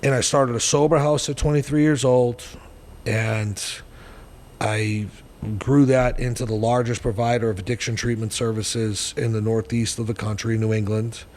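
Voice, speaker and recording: A man in his forties telling his story as a podcast guest, in a blunt, profane and animated way. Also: medium pitch, moderate pace, in a large hall. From New Hampshire, US. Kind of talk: storytelling interview.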